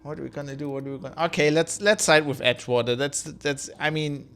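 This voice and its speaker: A man's voice: on the high side, fairly even intonation, quick pace, a bit bright. A man streaming a video game, rambling, joking and reading game text aloud. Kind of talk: casual let's-play commentary.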